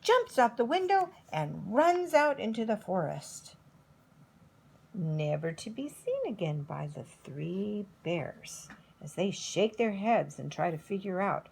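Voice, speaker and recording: A middle-aged woman reading to toddlers in an unhurried, expressive way. Her husky, gravelly voice rises and falls a lot. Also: medium pitch. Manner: slow, expressive storytelling. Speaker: preschool teacher. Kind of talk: storytelling for toddlers.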